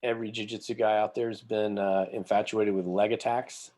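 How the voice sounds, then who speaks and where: Lowish-voiced man, rambling and self-mocking. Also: level tone, fairly quick, darkish tone. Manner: rambling, self-deprecating, many fillers. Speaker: podcast guest. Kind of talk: casual interview chat.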